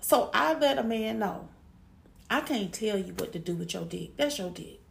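Blunt gravelly-voiced woman giving advice. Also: mid-range voice, lively intonation, normal speed, slight background noise. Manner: frank, emphatic, repeats herself. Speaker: relationship advice speaker. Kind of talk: blunt monologue to women.

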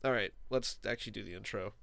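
A man's voice: fast, vocal fry, pushed and bright, no room sound. A man co-hosting a casual podcast, goofy and joking. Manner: goofy, jumps into silly high voices. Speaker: podcast co-host, streamer. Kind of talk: casual chat.

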